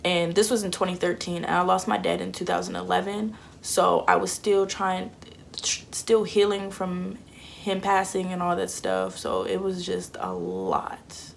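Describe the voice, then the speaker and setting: Chatty young woman with a gravelly voice. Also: on the low side, a little slow, slight background noise. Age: 20s. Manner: candid and chatty, acts out quotes. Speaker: vlogger. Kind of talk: casual storytelling.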